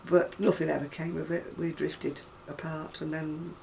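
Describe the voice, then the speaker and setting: A woman's voice: sits low, flat delivery, moderate pace, gravelly, a little mellow, distant mic, a little hiss or hum. A woman in her sixties with a northern English accent, chatting casually and rambling to camera about her crafts, often laughing. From North West England. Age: 60s. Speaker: craft seller.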